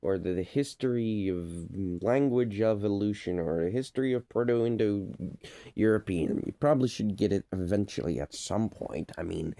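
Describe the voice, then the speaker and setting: A man's voice: low-pitched, dark tone, no echo. A man talking in a rambling, playful monologue, full of fillers and trying out silly mock accents. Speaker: vlogger.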